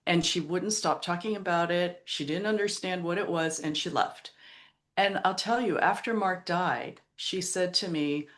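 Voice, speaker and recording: A woman's voice: on the low side, normal speed, fairly bright tone. Earnest middle-aged woman telling a story. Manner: earnest, emotional, retells quotes in other voices. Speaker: podcast guest, memoir author. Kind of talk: heartfelt storytelling interview.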